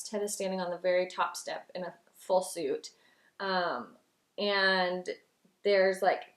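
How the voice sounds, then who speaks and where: Young woman vlogger, makeup chat, gushing and filler-heavy, mid pitch, roomy echo. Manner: gushing, chatty, many "like" and "um" fillers. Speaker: beauty vlogger. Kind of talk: get-ready-with-me chat.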